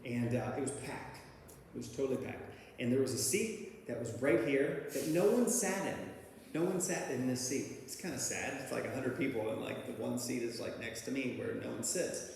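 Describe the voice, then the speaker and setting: A slightly mellow man with medium pitch and vocal fry talks at normal speed, recounting his recovery in a casual, meandering way with many fillers and restarts. He laughs at his own story. The recording carries a little hiss or hum and the long reverb of a very echoey hall.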